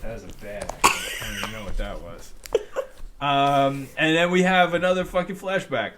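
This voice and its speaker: A man's voice: mid-range voice, moderate pace, echoey room, noisy background. A man co-hosting a podcast, recapping a TV show in a casual, profane chat and laughing often. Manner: profane, laughing, acts out characters' lines. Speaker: podcast co-host.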